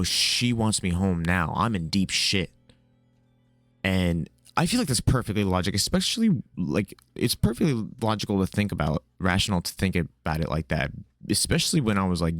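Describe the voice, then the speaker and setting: A man's voice: sits low, no room sound. A young man telling a casual, comedic personal story in a rambling, profane way, full of fillers and slang. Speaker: storyteller, video host.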